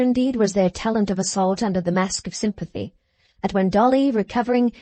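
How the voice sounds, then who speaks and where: A woman narrates a classic novel as an audiobook, telling the story in a measured, steady manner. Her voice is medium-pitched, with no room sound at all.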